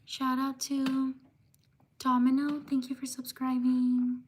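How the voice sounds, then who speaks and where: Female livestream host, high and flat delivery, unhurried shout-out reading. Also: breathy edge. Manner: slow, steady listing of names with quick apologies. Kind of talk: live stream shout-outs.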